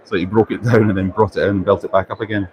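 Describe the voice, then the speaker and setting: A man's voice: lowish voice, steady tone, very fast, muffled recording. A man hosting a casual live walkaround at a busy indoor trade show, chatty and self-deprecating, thinking aloud as he goes. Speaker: livestream host. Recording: noisy exhibition hall ambience. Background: crowd chatter and hall noise.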